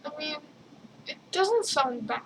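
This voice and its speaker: A young woman rambling casually in a video journal, giggling often and filling pauses with ums. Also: sits high, expressive, a bit bright, a little hiss or hum, poor audio. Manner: rambling, giggly, lots of fillers. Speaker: vlogger.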